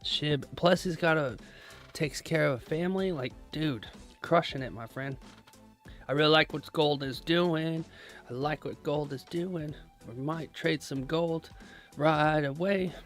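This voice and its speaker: A young American man with a slightly high voice livestreams while day trading, rambling casually at a measured pace and greeting viewers by name. Soft music plays in the background.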